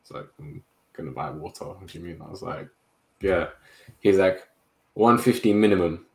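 A young man, telling a story in a casual podcast chat among friends, full of slang and lively retelling. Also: deep voice, moderate pace. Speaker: podcast co-host.

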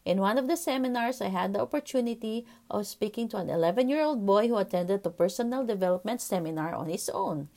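A woman in her forties tells a personal story on her podcast, earnest and reflective, with an occasional soft "um". Her voice sits in a middle register and carries a noticeable gravelly fry. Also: medium pitch, fast talker, few pauses. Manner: earnest, reflective, steady telling with soft fillers. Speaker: podcast host, pediatrician.

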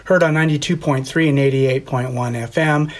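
A male announcer reads a scripted identification for a community radio station. He speaks at a measured, formal pace, in a mid-pitched voice. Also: fairly even intonation.

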